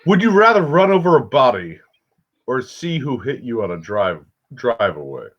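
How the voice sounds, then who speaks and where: Man, animated pitch, blunt and sweary, quick reactions, muffled lo-fi sound. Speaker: co-host asking would-you-rather questions. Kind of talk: casual comedy chat. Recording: dull lo-fi sound.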